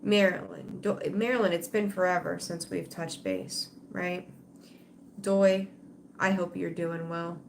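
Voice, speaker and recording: A middle-aged woman with a lowish voice, fairly even intonation, and vocal fry chats with viewers at a measured pace during her tarot livestream. Her casual talk is emotional and rambling, full of fillers and restarts, with slight background noise.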